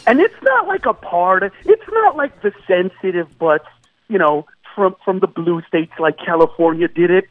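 This male comedian guest has a high-pitched, expressive voice and talks at a normal speed with no room sound. Heard through a tinny phone line, he stammers emphatically through his jokes and performs voices in an animated comic story.

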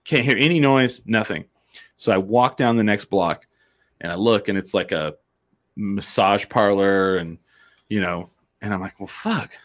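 A man's voice: fairly low pitch, unhurried. A man from New Mexico hosting a casual chat, telling a rambling, profane story and laughing often. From New Mexico, USA.

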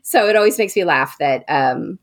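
A young woman, telling a story in casual chat, animated and full of fillers. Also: normal speed. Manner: animated, many fillers, acts out quotes in a higher voice.

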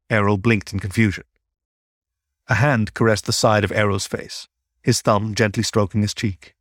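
A man narrating a story in a measured, unhurried way. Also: lowish voice, steady tone, no echo, clean studio sound. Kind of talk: audiobook-style story narration.

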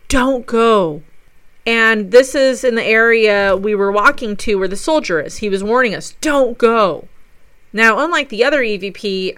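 A woman recounts a ghost investigation as a paranormal investigator, telling it with eager enthusiasm. Her voice is bright and smooth, and it sits close and dry with no room around it. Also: medium pitch, no echo. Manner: enthusiastic storytelling. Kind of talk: narrated recap of a ghost investigation.

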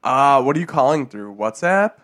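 A co-host on a comedy podcast with a bouncing, lively pitch, reacting to everything with laughs and gasps. The voice sits mid-range and swings up and down easily. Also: moderate pace. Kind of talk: casual comedic chat.

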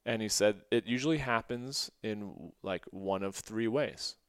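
On his podcast, a man shares a personal story in an unhurried, lowish voice that sounds clean and resonant. Earnest and emotional, he rambles with lots of "like" fillers and restarts, recorded at studio quality with no echo.

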